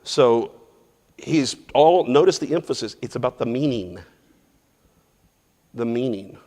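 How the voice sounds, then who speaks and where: A man's voice: mid-range voice, animated, a little slow, dark tone. A man teaching a Bible class verse by verse in a loose, conversational way, restarting phrases and putting questions to the class. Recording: long reverb from a large hall.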